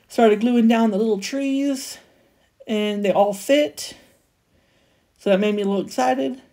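Chatty woman with a mellow voice. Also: medium pitch. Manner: chatty, self-mocking, laughs often; fillers like "like" and "you know". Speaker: craft channel host. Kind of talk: casual craft tutorial voice-over.

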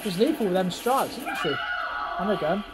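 A man's voice: high-pitched, lively intonation, normal speed, low-quality recording. A man giving casual reaction commentary over fight footage, chatty and constantly prompting the viewer to look.

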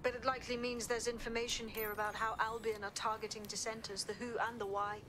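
Woman voicing a determined game planner, flat brisk delivery, crowd noise behind. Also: on the high side, heavy reverb, lightly acted.

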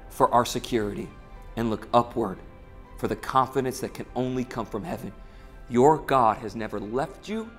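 In a short online devotional, a man speaking as a pastor gives an earnest, conversational sermon, animatedly retelling scripture. His voice sits at a medium pitch.

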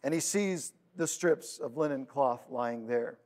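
A man preaching a sermon, retelling scripture with dramatic swings between loud urgency and hushed quiet. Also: mid-range voice, unhurried. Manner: storytelling, paraphrasing scripture. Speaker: pastor.

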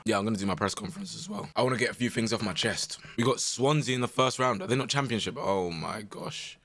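A young man with a strained voice, giving animated, slangy commentary while playing a management game. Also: lowish voice, fast. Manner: animated, exclaiming, slangy banter. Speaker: gaming content creator. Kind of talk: casual gameplay commentary.

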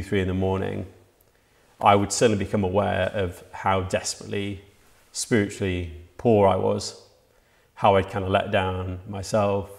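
Earnest preacher man, low and gravelly. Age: adult, past university age. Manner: earnest, reflective, with frequent restarts and hesitations. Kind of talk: sermon. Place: church livestream.

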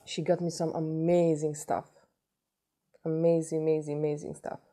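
A woman's voice: low-pitched, little pitch movement, moderate pace, warm tone. A woman opening a gift box for her vlog, gushing and emotional, repeating her words. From Sweden. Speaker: beauty vlogger. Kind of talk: unboxing vlog.

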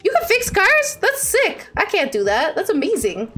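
A bubbly woman streamer with a high, very lively voice that leaps up into squeals and drops into mutters. She chats casually and in slang with her live audience. Faint music plays behind her. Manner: bubbly, slangy, quick swings from squeals to mumbles. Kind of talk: casual live-stream chat reading viewer comments.

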